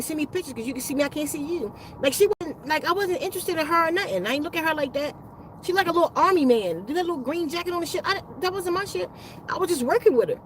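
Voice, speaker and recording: A high-voiced woman, heard on a rough recording with a bit of hiss or hum, hosts a spiritual healing channel. In a casual livestream chat, she tells a rambling story full of profanity.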